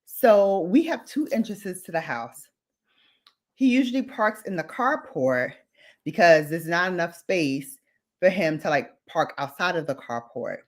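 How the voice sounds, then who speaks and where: A woman co-hosting a casual livestream chat, telling a story in an animated way and acting out the quotes. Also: on the low side, measured pace. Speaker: livestream co-host.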